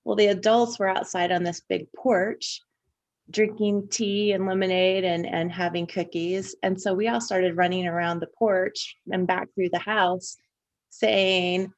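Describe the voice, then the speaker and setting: A woman's voice: mid-range voice, steady tone, unhurried. A woman from Indiana, co-hosting a podcast, reflecting in casual conversation and telling personal stories at length. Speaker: podcast co-host.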